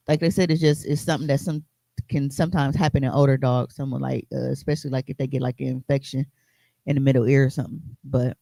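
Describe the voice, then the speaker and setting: A man's voice: fairly high pitch, gravelly, no room sound. Casual, profane man in close, dry sound. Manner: loose, profane storytelling with many fillers. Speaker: podcast co-host. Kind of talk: casual podcast chat.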